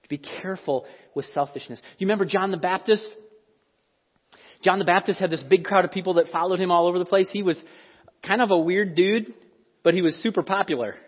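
A man preaches as pastor, telling stories conversationally and acting out the voices of those he quotes. His high voice is slightly rough and a little fast. The recording has a dull lo-fi sound and the echo of a large hall.

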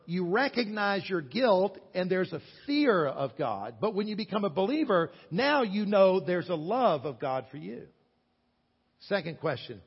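A man in his sixties from the American South with a Southern accent, preaching a sermon earnestly, with loud stresses and quiet asides. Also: high-pitched, slightly rough. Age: 60s. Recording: long hall echo, dull lo-fi sound.

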